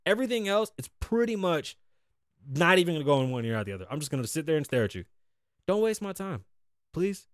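A man's voice: fairly high pitch, no echo, studio quality. A man hosting a podcast, telling stories in a casual, profane, exasperated rant. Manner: profane, animated, exasperated storytelling. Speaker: podcast host. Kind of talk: casual ranting monologue.

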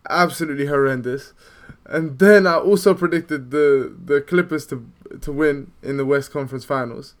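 A man chatting casually about sports as a podcast co-host, teasing his friends and often calling them bro. His voice sits a little high. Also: normal speed, few pauses. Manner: laughs loudly, teasing, says "bro" often.

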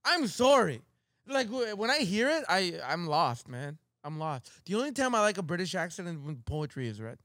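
A man co-hosts a podcast in casual chat, speaking at normal speed in a high, fairly bright, very animated voice. He jokes bluntly and laughs often, recorded dry with clean studio sound.

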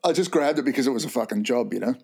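Australian man, middle-aged, mid-pitched voice, laid-back rambling chat. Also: animated, racing, gravelly, darkish tone, breathy edge. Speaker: podcast co-host. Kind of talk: casual chat.

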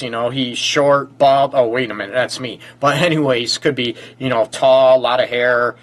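A relationship counselor from Michigan hosts a live-streamed advice show, sounding hoarse and stuffy from a cold. His mid-range voice has fairly even intonation, normal speed and few pauses as he chats loosely, greets viewers and uses lots of fillers.

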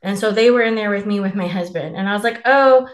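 A woman's voice: mid-range voice, steady tone, fast, roomy sound. A young woman co-hosting a podcast, telling a personal story in a candid, profane, laughing way. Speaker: podcast co-host. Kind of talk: casual storytelling chat.

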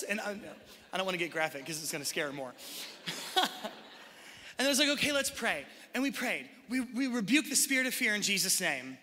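A man preaching a sermon as a pastor, in a conversational, animated style with casual asides to the congregation. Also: high voice, fairly quick, slight background noise. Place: large church hall. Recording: live sermon in a reverberant hall.

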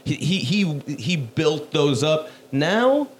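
A man's voice: on the high side, big pitch swings, slow pace. A man co-hosting a podcast, casually telling stories from comedy club work in a laid-back, swearing style.

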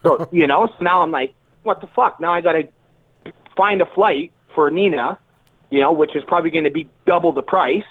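A man telling a story as a boxer guest in a casual interview, animated and swearing freely. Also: fairly high pitch, fairly quick, slightly rough. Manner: animated, swears, acts out quotes. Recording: tinny phone-like line, dry.

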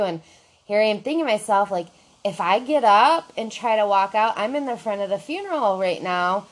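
A woman on a podcast telling a story about herself in casual chat, animated and self-mocking, swearing freely. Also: mid-range voice, moderate pace.

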